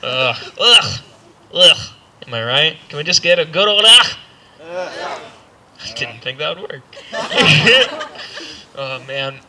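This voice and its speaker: Bright-voiced young stand-up man. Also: fairly high pitch, very animated, slow pace, pauses often. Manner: rambling, self-deprecating, stumbling restarts. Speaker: stand-up comedian. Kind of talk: stand-up set. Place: comedy club stage.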